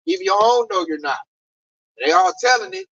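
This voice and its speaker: A man's voice: high-pitched, wildly swooping pitch, fairly quick, fairly bright tone, dry recording, distant mic, muffled recording. A man preaching and explaining scripture in a casual, streetwise way, with scornful asides. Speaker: Bible teacher.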